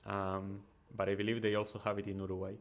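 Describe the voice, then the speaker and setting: Excitable man doing casual match commentary. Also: lowish voice, quick pace. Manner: excitable, chatty, with frequent fillers. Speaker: host of a football watchalong.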